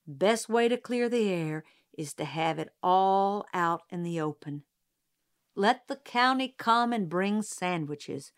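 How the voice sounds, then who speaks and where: A woman reading the lines of a principled small-town lawyer and father in an audiobook, calm, firm and earnest, a little louder than her narration. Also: mid-range voice, slow pace, clean tone.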